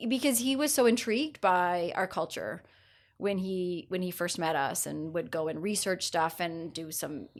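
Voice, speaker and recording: A woman's voice: lowish voice, normal speed. A woman in casual podcast chat, telling candid personal stories with frequent restarts. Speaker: podcast guest.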